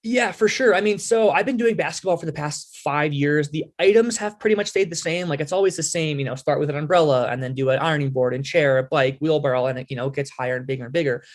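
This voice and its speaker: A man in his twenties from the Philadelphia area, a podcast guest telling his story with lively energy and many fillers. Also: fairly high pitch, fast talker, few pauses. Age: 20s. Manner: animated storyteller, lots of fillers. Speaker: podcast guest, halftime performer. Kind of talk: casual storytelling interview.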